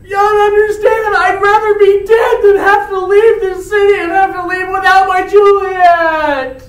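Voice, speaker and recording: A woman doing a frantic lovesick young man, wailing high. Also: slow pace, full character voice. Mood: desperate pleading. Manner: wailing, pleading shouts. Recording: roomy, from far off.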